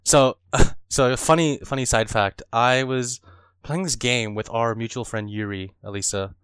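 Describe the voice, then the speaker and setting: A man in casual chat about a video game, animated and excitable, telling stories and laughing often. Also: mid-range voice, a little slow, clear, resonant tone, no room sound, clean studio sound. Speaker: co-host discussing a video game.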